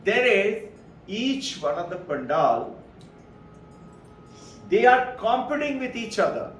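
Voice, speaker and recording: A man's voice: sing-song, slow pace, a bit bright. A man from India, giving an informal, anecdotal spiritual talk. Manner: rambling, anecdotal storytelling. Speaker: spiritual speaker. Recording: echoey room from far off, low rumble.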